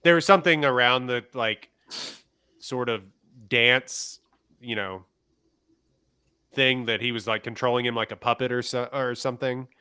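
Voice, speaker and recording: A man's voice: medium pitch, normal speed, long pauses, pushed and bright, clean tone, no room sound, studio quality. A man co-hosting a podcast, chatting in a laid-back, hesitant way about a movie. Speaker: podcast co-host. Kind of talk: casual movie review chat.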